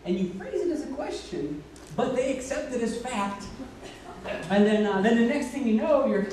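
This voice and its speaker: An actor on stage playing a wistful, musical-loving man who talks to the audience in a chatty, halting way. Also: very high-pitched, sing-song, darkish tone, slight background noise. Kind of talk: stage monologue. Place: theater stage. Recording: distant echoey stage recording.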